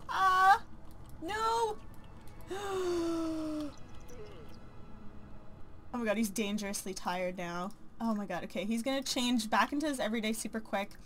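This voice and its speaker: A young woman giving excitable let's play commentary, gasping and exclaiming dramatically over the game. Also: mid-range voice, fast, hardly any pauses, a little hiss or hum. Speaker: gaming YouTuber.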